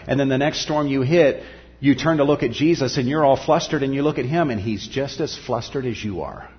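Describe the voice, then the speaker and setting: A man preaching a sermon, earnest, rising to emphatic peaks and then dropping soft and low. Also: moderate pace, big-room sound, muffled recording. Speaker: pastor.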